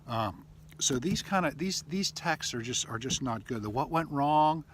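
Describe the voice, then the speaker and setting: A man's voice: medium pitch, expressive, normal speed, a bit bright, a little hiss or hum. A man giving relationship advice as a coach, talking loosely with fillers and acting out sample texts. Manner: conversational, loose, with frequent fillers and acted-out text examples. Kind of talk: casual advice video to camera.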